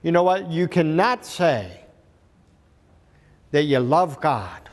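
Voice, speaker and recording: A man's voice: a little high, big pitch swings, takes it slowly, pauses often. A man preaching a sermon as pastor, earnest and building to emphatic climaxes. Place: church sanctuary. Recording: long reverb of a church hall.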